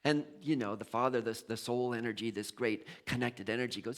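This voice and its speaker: A middle-aged male minister giving a conversational sermon, telling the story in an animated way and often repeating and restarting his words. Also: medium pitch, brisk, hardly any pauses.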